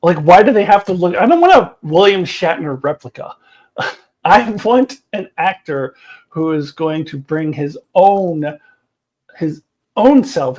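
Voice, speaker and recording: A woman's voice: low-pitched, a little mellow, low-quality recording. Enthusiastic woman reviewing a TV show. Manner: enthusiastic, opinionated, laughs often, blunt with swearing. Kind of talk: casual video review monologue.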